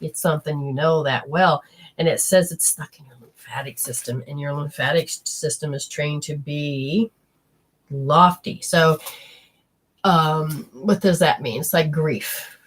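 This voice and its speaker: A woman hosting a show as a psychic medium, talking casually and bluntly as she passes on spirit messages in quick, fragmented bursts and swears freely. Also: low voice, steady tone, slight background noise.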